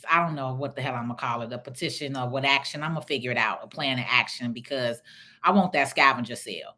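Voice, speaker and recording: Woman, middle-aged, from Chicago, casual livestream chat, blunt and profane, low-set voice, bright forceful tone. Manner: blunt, profane, animated talk. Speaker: real estate investor hosting a livestream. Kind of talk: casual livestream chat, reading viewer comments.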